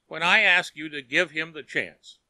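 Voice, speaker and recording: A man's voice: on the high side, moderate pace, pushed and bright, dry recording, pitched above the performer's own voice. A man voicing an earnest, eager young woman in an audiobook reading, raising his voice to plead.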